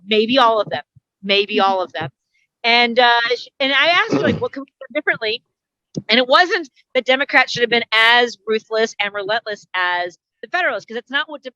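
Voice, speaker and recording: A woman's voice: fairly high pitch, bright, forceful tone, dry recording, dull audio. A woman comedian delivering a wry, chatty stand-up monologue over a video call.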